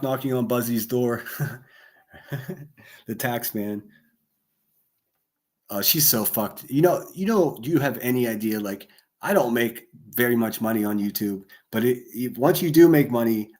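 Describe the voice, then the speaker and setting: A man hosting a livestream, ranting angrily and profanely into a desk microphone, breaking into yelled bursts and sarcastic asides. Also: medium pitch. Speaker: livestream host. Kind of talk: angry livestream rant.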